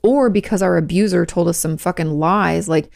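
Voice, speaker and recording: A woman hosting a podcast as a therapist, giving casual, frank advice. Her voice carries a steady gravelly fry, and she talks in a loose, conversational way, full of "like" fillers. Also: on the low side, normal speed.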